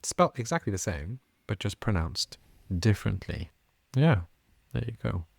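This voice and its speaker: A man's voice: on the low side, big pitch swings, normal speed, gravelly, dry recording. A British man who teaches English, co-hosting a casual pronunciation podcast, often laughing and repeating himself. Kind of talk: casual educational chat.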